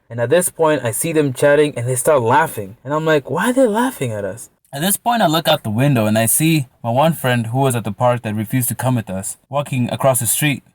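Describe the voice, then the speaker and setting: A man's voice: mid-range voice, no room sound. A young man casually telling a story from his life as a vlogger, acting out what people said. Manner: lively storyteller acting out quoted lines.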